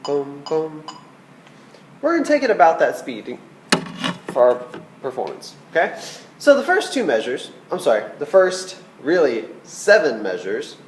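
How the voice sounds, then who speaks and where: A man's voice: mid-range voice, slight background noise. Band teacher guy walking students through flute music, patient, voice goes up and down a lot, roomy echo. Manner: patient, checks in with "okay?" often. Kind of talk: recorded music lesson.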